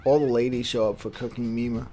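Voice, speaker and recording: A man hosting a casual talk show, asking his guest relaxed questions. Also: medium pitch, fast. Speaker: host. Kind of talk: casual chat.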